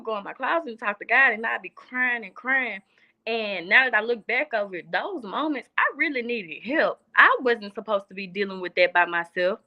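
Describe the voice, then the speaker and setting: A woman's voice: medium pitch, dull audio. A young woman in casual conversation, speaking earnestly and from the heart, repeating phrases for emphasis. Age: young adult. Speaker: guest. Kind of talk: casual chat.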